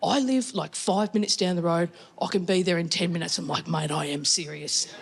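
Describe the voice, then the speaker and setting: A woman's voice: fairly low pitch, a little fast, creaky. A woman with an Australian accent telling a stand-up story in a chatty, wry way, acting out the people she quotes. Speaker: stand-up comedian. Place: comedy venue before a laughing audience.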